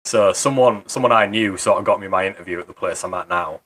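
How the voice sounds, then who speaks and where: A male podcast guest chatting easily, with a lowish, husky voice that still carries a bright, forceful edge. He tells stories in a relaxed, joking way. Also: fast talker. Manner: relaxed anecdotal storytelling with chuckles. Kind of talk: casual podcast chat.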